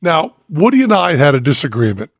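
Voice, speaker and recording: Casting a gravelly, husky male podcast host with a slightly high voice, animated storyteller, dry close sound. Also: fairly quick, dry recording. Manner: animated, laughs while telling stories. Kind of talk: casual storytelling chat.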